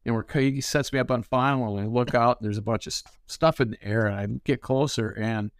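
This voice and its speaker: A man spins animated stories, acting out each exchange with bursts of laughter. His voice sits at an ordinary pitch and the recording is dry and close. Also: fairly quick, no echo. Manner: animated, laughing storyteller who acts out dialogue. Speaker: ferry pilot guest. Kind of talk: storytelling interview.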